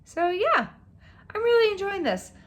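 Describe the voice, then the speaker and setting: Chatty, excitable woman vlogger. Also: very high voice, measured pace. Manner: chatty, rambling, excitable, swears casually. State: tired and yawning. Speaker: cross-stitch vlogger. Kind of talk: casual show-and-tell chat.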